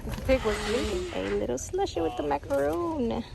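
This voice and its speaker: A woman's voice: high voice, lively intonation, normal speed, gravelly, over music. A young mother vlogging outdoors at a busy farm, talking in a cooing, sing-song way to her toddler. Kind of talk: casual family vlog chat. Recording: crowd chatter behind.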